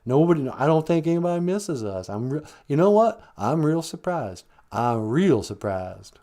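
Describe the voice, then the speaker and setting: A man's voice: on the high side, sing-song, moderate pace, mellow, voice pushed up. A man voicing a brash, pushy woman caller who teases and bosses the host around. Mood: wistful. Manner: brassy, calls the host a fool.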